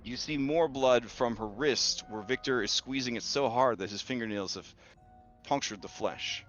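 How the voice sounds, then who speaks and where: A man narrating a tabletop game as game master, telling events slowly with many fillers. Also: medium pitch, a bit bright, faint music behind. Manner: slow, graphic storytelling with many fillers. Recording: dull lo-fi audio.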